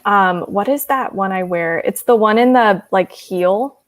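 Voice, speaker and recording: A woman's voice: mid-range voice, a little slow. Young woman rambling on a reading stream, lots of "like", giggles a bunch. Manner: giggly, chatty, rambling with many "like"s. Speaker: host reading live chat. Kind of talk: casual livestream chat.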